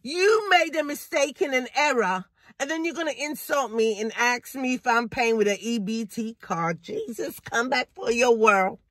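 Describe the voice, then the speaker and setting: Woman acting as a furious caller, high-pitched, slow-spoken, profane, indignant, dry close sound. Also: a bit bright. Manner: indignant, profane, ranting on the phone. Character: fed-up working woman, loud and profane. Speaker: caller venting to a friend. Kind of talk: low-budget drama monologue.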